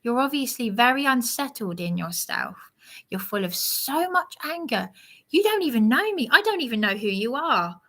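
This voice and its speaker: Replying to a commenter during a live monologue, this woman rambles and preaches with an aggrieved edge, slow and halting. Her voice sits on the high side, sing-song and fairly bright.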